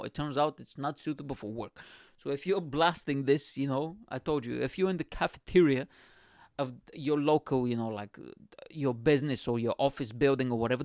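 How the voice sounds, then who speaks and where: A man's voice: medium pitch, dry recording, studio quality. A young man with an accent, hosting a podcast with a crude, boastful, self-mocking comedic monologue. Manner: speaks with an accent. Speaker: podcast host.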